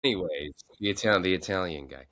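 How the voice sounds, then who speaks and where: A man in his forties hosting a podcast, an animated, joking storyteller in casual chat. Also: low voice, fast talker. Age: 40s. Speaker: podcast host.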